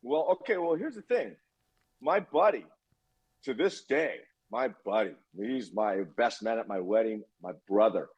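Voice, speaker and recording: A man in his fifties, fairly low-pitched, a little slow and breathy, tells a story as a podcast guest over dull audio. He's animated, acting out the dialogue and swearing a lot in this interview chat.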